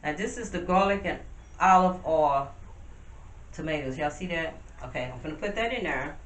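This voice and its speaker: A woman's voice: low-pitched, animated, normal speed. A woman, chatting casually to her viewers while she cooks at home. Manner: chatty, addresses viewers as y'all, talks while working. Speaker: vlogger cooking at home. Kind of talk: casual cooking demonstration. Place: home kitchen. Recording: roomy, distant, noisy home video.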